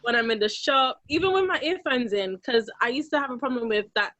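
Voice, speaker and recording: A woman's voice: a little high, fairly quick, a bit bright, dry recording, muffled recording. A young woman in her twenties, chatting in a casual, upbeat way and laughing easily on a video call. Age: 20s. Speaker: team member in a meeting.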